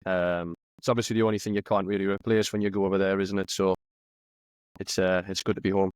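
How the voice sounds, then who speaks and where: A man's voice: low voice, little pitch movement, quick pace, smooth, dry recording. A young man with a Geordie accent, a podcast guest chatting casually with banter and heavy local slang. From northeast England. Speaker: podcast guest, soccer captain. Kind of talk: casual chat.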